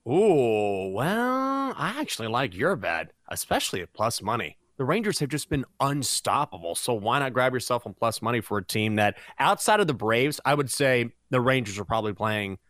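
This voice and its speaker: A man co-hosting a sports betting podcast, energetic and hyped, tossing out punchy one-liners. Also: mid-range voice, moderate pace, hardly any pauses, no echo, studio quality. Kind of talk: casual sports betting chat, rapid-fire picks.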